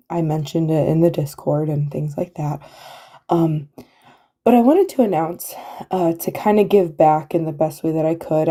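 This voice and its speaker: A woman's voice: low voice, dark tone. A woman who is a therapist, calling in to a live stream with a headache, talking in a hesitant way with many fillers and restarts. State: has a headache. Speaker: guest caller. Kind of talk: casual live-stream chat.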